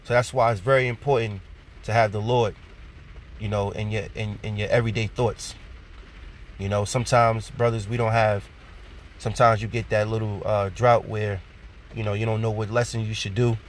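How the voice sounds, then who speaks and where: A man's voice: fairly low pitch, little pitch movement, slight background noise. Man preaching casually, tagging "man". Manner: casual, ends phrases with "man", repeats points; reads scripture slowly and deliberately. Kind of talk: informal sermon with scripture reading.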